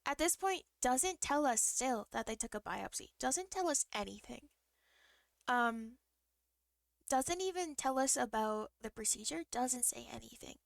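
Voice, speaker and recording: A woman's voice: fairly high pitch, expressive, a little slow, vocal fry, no room sound. A woman streamer chatting casually as she tells a personal story, with frequent ums and bursts of laughter.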